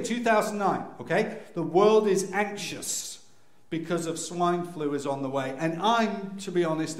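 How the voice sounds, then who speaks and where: A man telling a humorous personal story to an audience, acting out scenes with sudden loud cries. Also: on the high side. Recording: echoey room.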